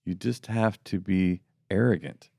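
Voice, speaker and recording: A man's voice: deep voice, fairly even intonation, unhurried, gravelly, warm tone, dry recording, clean studio sound. A middle-aged man co-hosting a faith podcast, talking casually and putting on mocking voices when he quotes people. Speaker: podcast co-host.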